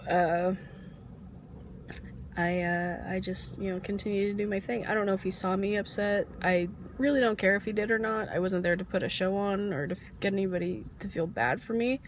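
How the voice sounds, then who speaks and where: A woman's voice: mid-range voice, normal speed, slight background noise. A woman telling a candid, rambling personal story in a vlog, laughing at herself now and then, getting over a cold with an occasional cough. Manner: candid, rambling, self-deprecating with soft laughs. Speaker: vlogger.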